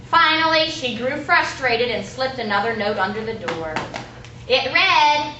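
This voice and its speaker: A woman, a teacher, telling a children's story with expressive, dramatic narration during a school performance. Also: high-pitched, measured pace, dull audio, slight background noise. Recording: echoey room, recorded from far off.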